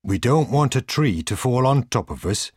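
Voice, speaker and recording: A man's voice: mid-range voice, animated, normal speed, darkish tone, breathy edge, no room sound, clean studio sound, voice pushed up. A man reading an earnest, loyal coachman. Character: loyal, gentle male coachman.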